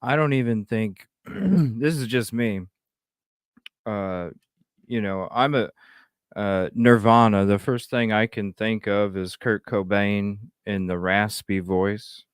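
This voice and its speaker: A man's voice: on the low side, clean tone, no room sound, studio quality. A man calling into a livestream, talking casually and hesitantly with fillers. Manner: slow, hesitant, talks with fillers. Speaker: caller. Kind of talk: casual call-in chat.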